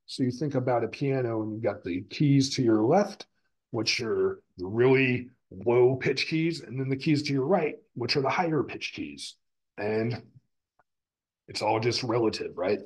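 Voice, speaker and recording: A man's voice: medium pitch, a little mellow, slightly rough, poor audio. A man lecturing on the physics of sound, explaining step by step and restating terms as he goes. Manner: explanatory, repeats and rephrases terms. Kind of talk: recorded classroom lecture.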